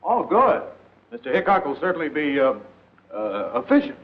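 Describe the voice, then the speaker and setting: An actor playing a wry, slightly hesitant small-town newspaper editor in 1940s serial style. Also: male voice, fairly high pitch, big pitch swings, normal speed. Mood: sly. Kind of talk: 1940s film serial acting. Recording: tinny thin old film soundtrack.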